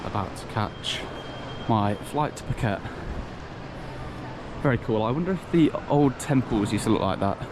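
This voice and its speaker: Chatty man vlogging over loud traffic. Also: fairly low pitch, animated, moderate pace, long pauses. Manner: chatty, rambling, self-questioning. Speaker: travel vlogger. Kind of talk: casual travel vlog to camera. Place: outdoors, windy, traffic around.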